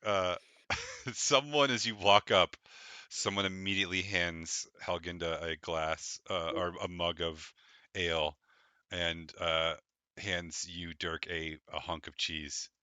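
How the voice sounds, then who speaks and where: Man, game master, deep voice, bright forceful tone, dry close mic, casual filler-heavy narration. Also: steady tone, slow, clean tone, no room sound.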